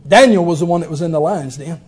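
A man's voice: a little high, fast, a little mellow, breathy edge. A man preaching a folksy sermon, telling the story with exclamations and chuckles.

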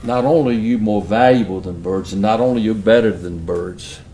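A man's voice: lowish voice, a little fast, warm tone, reverberant, slight background noise. A middle-aged man with a Southern US accent, preaching and telling stories in an earnest, folksy way. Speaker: pastor. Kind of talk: sermon storytelling.

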